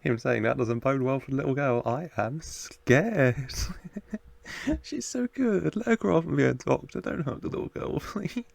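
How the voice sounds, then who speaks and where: A man's voice: medium pitch, expressive, a little slow, vocal fry, slight background noise. A man hosting a reaction video, chatting casually, laughing often and talking back to the screen.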